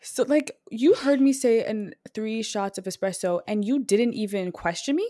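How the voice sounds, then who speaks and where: A woman's voice: a little high, normal speed. Chatty young woman telling stories. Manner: chatty storyteller, animated, heavy on 'like'. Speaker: podcast co-host. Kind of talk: casual chat.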